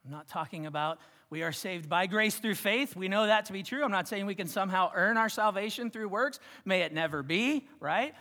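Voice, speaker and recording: A man preaching a sermon, swinging from loud emphasis to hushed, near-whispered lines. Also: high-pitched, a little fast, few pauses, in a large hall. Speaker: pastor.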